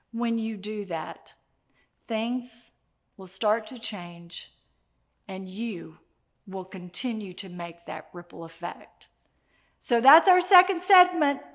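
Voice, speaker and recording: A woman giving a motivational talk, speaking straight to the listener in an animated way and repeating her key phrases. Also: fairly high pitch.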